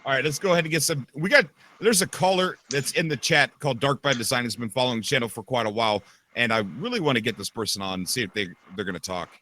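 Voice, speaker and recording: A man hosting a casual live podcast, excitable and quick to raise his voice. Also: medium pitch. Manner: excitable, animated, quick to shout. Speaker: podcast host. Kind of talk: casual livestream chat.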